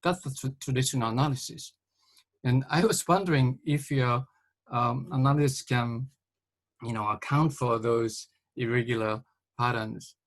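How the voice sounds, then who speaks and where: Man, gravelly voice, halting, many fillers, academic question, video call. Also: medium pitch. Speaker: professor asking a question.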